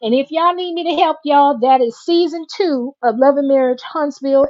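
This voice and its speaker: A middle-aged woman, hosting a casual livestream and reading chat aloud in a sassy, drawn-out way, calling listeners "baby" and "y'all". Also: high-pitched, a little mellow. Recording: dull lo-fi home stream audio.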